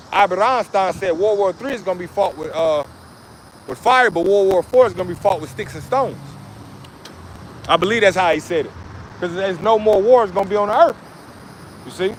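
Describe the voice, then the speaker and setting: A man's voice: high voice, moderate pace, long pauses. A man preaching to a street audience in slang, with constant asides like "man" and "you see". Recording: outdoor street noise.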